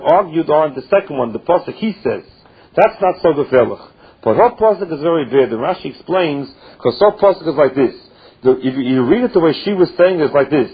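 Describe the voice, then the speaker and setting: A man a slightly raised, husky voice leads a class in a cadence. He works through the text line by line, dropping Hebrew and Aramaic terms in as he goes. The sound is dull and muffled, like a lo-fi radio recording. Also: fairly high pitch. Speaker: Talmud teacher. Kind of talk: Talmud study class.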